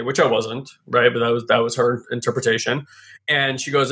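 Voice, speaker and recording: A man's voice: medium pitch, little pitch movement, brisk, fairly bright tone. A man casually telling a reflective personal story with lots of fillers and restarts. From California.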